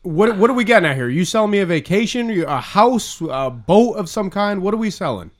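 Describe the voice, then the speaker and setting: A man hosting a podcast, his voice sitting a little high. He talks in a sarcastic, profane way, needling everyone around him with deadpan mock seriousness. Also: a little fast, slight background noise. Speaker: podcast host. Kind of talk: crude casual banter.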